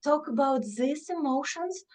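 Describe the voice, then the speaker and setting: Slow, high-voiced woman explaining gently. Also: lively intonation, rough recording. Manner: earnest, gentle, non-native phrasing. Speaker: guest parenting expert. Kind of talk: conversational podcast explanation.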